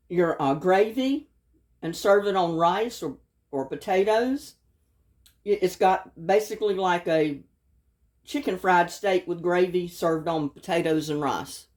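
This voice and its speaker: A Texan woman with a fairly low, darkish voice talks through a home cooking video, folksy and chatty, speaking straight to her viewers in a casual cooking vlog. The mic sits at a distance.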